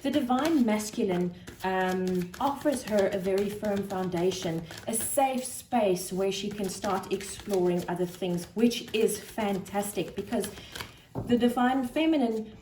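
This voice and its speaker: A woman giving a spiritual tarot card reading, soft-spoken and thinking aloud with gentle pauses. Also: mid-range voice. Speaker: tarot reader. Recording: roomy echo with faint noise.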